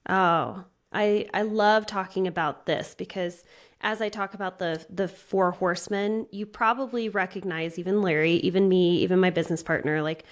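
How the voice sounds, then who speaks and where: A middle-aged woman, a marriage therapist, explaining ideas clearly step by step as a guest. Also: fairly low pitch, fairly even intonation, normal speed. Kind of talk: explanatory interview talk.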